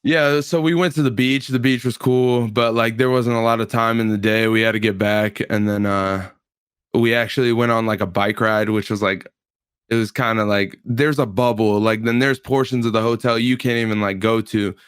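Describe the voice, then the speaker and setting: A man's voice: lowish voice, fairly even intonation, normal speed, clear, resonant tone, no echo, clean studio sound. A man in his twenties, a pro fighter, telling a story in casual chat on a podcast, laid-back and full of slang and filler words.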